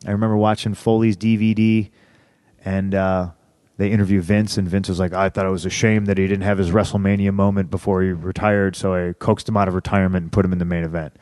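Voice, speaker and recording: A man's voice: sits low, quick pace, no echo. Profane, heated man telling stories. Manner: profane, heated, animated retelling with rising outbursts. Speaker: podcast guest. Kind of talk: candid storytelling interview.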